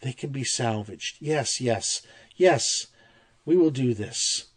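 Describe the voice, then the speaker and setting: A man voicing a meek, excitable woman scholar who stammers eagerly. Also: mid-range voice, slow.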